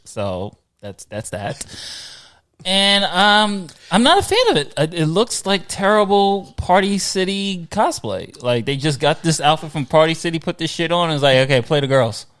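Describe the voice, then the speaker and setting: A man's voice: a little high, lively intonation, moderate pace, a bit bright. A man hosting a podcast in casual chat, rambling along and restarting his sentences. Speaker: podcast host.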